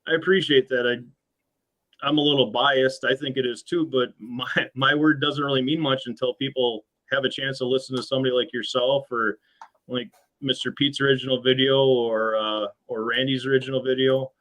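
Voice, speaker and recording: A man's voice: mid-range voice, steady tone, moderate pace, a bit bright, poor audio. A middle-aged American man, a machine shop owner, talking earnestly and hesitantly as an interview guest. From USA. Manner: earnest, hesitant with frequent restarts. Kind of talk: casual interview chat.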